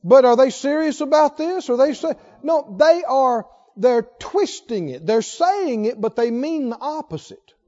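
High, lively preacher in a reverberant hall. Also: male voice, a little slow, few pauses. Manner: asks the congregation rhetorical questions. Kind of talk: sermon. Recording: long hall reverb, dull lo-fi sound.

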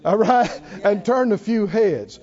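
A man preaching a sermon, swinging from near-shouts down to hushed tones, often laughing between lines. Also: high voice, lively intonation, slow, lo-fi sound. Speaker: pastor.

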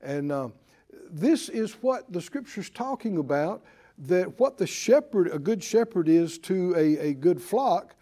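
High-voiced preacher man, emphatic. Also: lively intonation, a little slow, mellow. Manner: emphatic, repeats declarations for the congregation; calls for responses from listeners. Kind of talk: sermon.

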